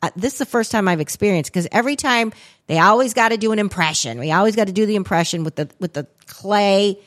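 This podcast co-host is a woman with a mid-range voice who talks fast. In casual banter she wanders through a long story, cursing as she goes and leaning heavily on "like" and other fillers.

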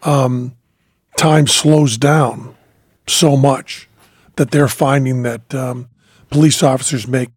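A man's voice: medium pitch, steady tone, takes it slowly, long pauses, darkish tone, breathy edge, no room sound, studio quality. A man hosting a podcast, telling stories in a reflective way with many fillers and restarts. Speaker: podcast host. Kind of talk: casual conversation.

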